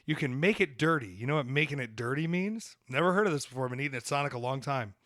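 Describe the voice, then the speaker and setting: A man from the American South tells a rambling story on his podcast, animated and unfiltered, with a swear here and there. His voice sits in an ordinary middle pitch. The sound is close and dry, with no room around it. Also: quick pace, dry recording. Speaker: podcast host. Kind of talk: casual storytelling.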